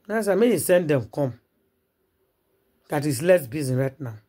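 A Nigerian woman tells celebrity gossip with lively, swooping intonation. Her voice has a husky edge, and she repeats phrases and slips into the voices of the people in her story. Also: low voice, normal speed. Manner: acts out quoted people, repeats words for emphasis. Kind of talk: animated gossip storytelling in pidgin.

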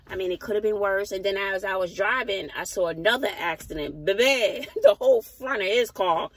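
A schoolteacher vlogger sits in her car and casually tells her camera a story, animatedly acting out what people said. Her voice is medium-pitched and a little fast, captured in a dry, poor-quality recording.

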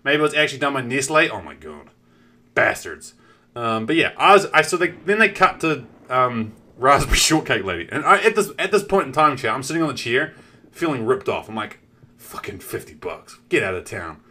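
Male streamer, bright voice, lively pitch, casual storytelling, swears a lot. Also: a little fast. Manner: animated, swears freely, talks straight to chat.

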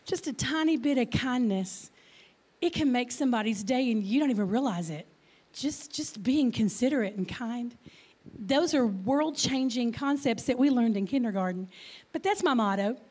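A Texan woman in her fifties gives a chatty guest talk at church, with a slight stutter and plenty of questions for the crowd. Her fairly high voice is expressive and slightly rough with a darkish tone, at a moderate pace.

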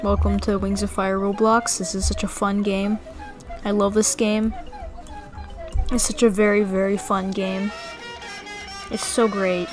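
A woman giving playful, excitable let's-play commentary as she plays, often breaking into shrieks and giggles. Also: medium pitch, measured pace, pauses often, music in the background, low-quality recording. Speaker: gaming YouTuber.

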